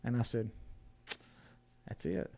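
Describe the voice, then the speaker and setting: A man's voice: slow pace, mellow. A man, a podcast guest telling a story in casual talk, blunt and profane, often restarting his words.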